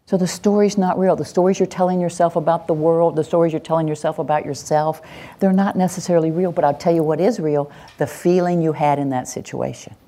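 Female workshop trainer, low mellow voice, calm coaching delivery. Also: brisk. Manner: calm, coaching, slips into soft soothing phrases when demonstrating. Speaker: parenting and classroom trainer. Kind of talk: workshop teaching with acted demonstrations.

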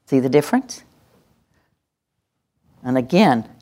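Workshop presenter: a woman with a low voice who acts out phrases and leads call-and-response. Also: expressive, normal speed. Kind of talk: live workshop talk to an audience.

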